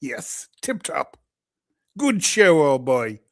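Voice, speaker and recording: A man's voice: fairly high pitch, big pitch swings, slow pace, heavily acted. A man putting on a pompous upper-class old Englishman, with exaggerated posh British enunciation.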